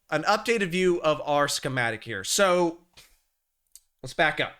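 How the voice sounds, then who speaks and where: A man's voice: a little high, expressive, a little slow, long pauses, pushed and bright, smooth. A man hosting a casual livestream, talking about the markets in a chatty, rambling way with many restarts. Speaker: livestream host.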